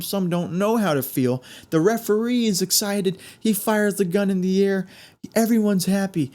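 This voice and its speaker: A man hosting a podcast, telling a story in an animated way that builds suspense. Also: a little high. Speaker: podcast host.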